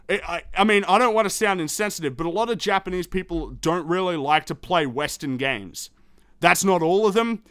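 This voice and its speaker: A man's voice: high voice, fairly quick, fairly bright tone, smooth, no room sound, clean studio sound. A young man hosting a gaming news show, ranting in a heated, profane, exasperated way about the games industry. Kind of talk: opinionated commentary rant.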